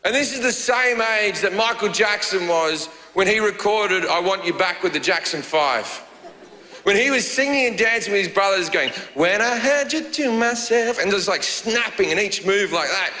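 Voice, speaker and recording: A high-voiced Australian man tells profane stand-up stories, slipping into the voices of other people. He is heard in a big echoing hall with a long reverb tail. Audience laughter rises clearly behind him. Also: moderate pace, sharp tone, slight background noise. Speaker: stand-up comedian. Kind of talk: stand-up comedy set. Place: large theater stage. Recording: echoey hall, live audience.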